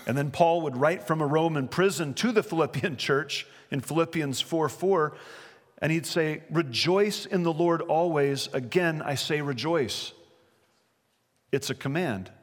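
A man's voice: a little high, a little slow. A man preaching a sermon as pastor, reading scripture and speaking emphatically with rhetorical questions. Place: church sanctuary. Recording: long reverb of a large hall.

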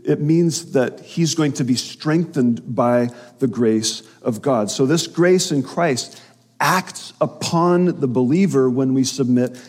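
A man's voice: mid-range voice, darkish tone, breathy edge. A man preaching a sermon, emphatic and fond of repeating phrases for stress. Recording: long reverb of a hall.

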